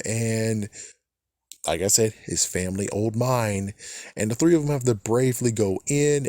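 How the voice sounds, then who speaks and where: A man's voice: lowish voice, a little mellow, dry recording, studio quality. A man giving a casual, rambling recap of a TV episode. He swears often and laughs at his own jokes. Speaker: TV episode reviewer.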